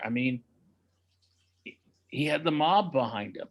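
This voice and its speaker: A man, a boxing historian, telling animated anecdotes in a casual chat and acting out the quotes. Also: mid-range voice, measured pace, vocal fry, pauses often, poor audio.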